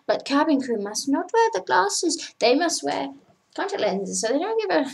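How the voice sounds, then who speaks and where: High-voiced young woman ranting, exasperated. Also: sing-song, moderate pace, gravelly. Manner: exasperated, swearing, keeps asking "okay?". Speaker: cabin crew member. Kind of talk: ranting vlog.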